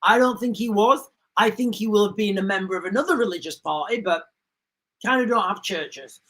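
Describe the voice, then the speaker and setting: A woman's voice: medium pitch, brisk, poor audio. A woman hosting a livestream, talking in an indignant, rambling way and often repeating herself. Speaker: livestream host. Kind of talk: casual livestream commentary.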